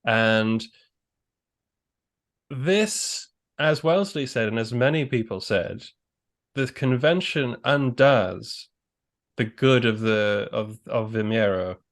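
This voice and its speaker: A man's voice: mid-range voice, takes it slowly, pauses often. A man hosting a casual history discussion, thoughtful and rambling as he talks through his ideas aloud. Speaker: podcast host.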